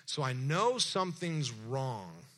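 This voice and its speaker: A middle-aged man, a pastor preaching a sermon as a lively story, acting out dialogue and asking the congregation questions. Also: mid-range voice, slow.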